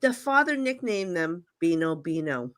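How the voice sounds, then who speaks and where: A woman guest, a psychic medium, telling stories in a casual interview and acting out the dialogue with quick asides. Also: lowish voice, very animated, a bit bright.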